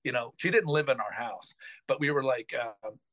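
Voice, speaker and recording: A man's voice: mid-range voice, moderate pace, no room sound. Middle-aged man telling a rambling story. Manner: rambling, full of fillers and restarts, animated retelling. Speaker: podcast host. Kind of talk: casual storytelling.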